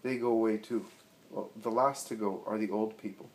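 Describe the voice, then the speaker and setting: A man reads a religious narrative aloud in a low voice. His delivery is measured and dramatic, in the manner of scripted storybook narration. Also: steady tone, poor audio.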